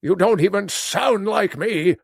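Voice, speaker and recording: An actor playing a cranky, indignant elderly male sage in a comedic call-in sketch, with a gravelly, drawn-out storyteller delivery. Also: high voice, no room sound, studio quality, heavily acted.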